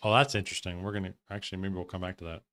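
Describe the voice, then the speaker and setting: A man's voice: low voice, flat delivery, rapid-fire, fairly bright tone. A man hosting a live stream, giving loose, profane reaction commentary with frequent laughs.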